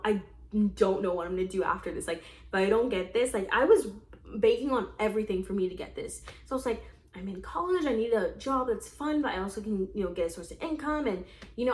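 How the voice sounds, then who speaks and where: Chatty young woman in an echoey room. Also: medium pitch. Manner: chatty, dramatic, lots of fillers. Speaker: escape room vlogger. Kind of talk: casual storytelling monologue.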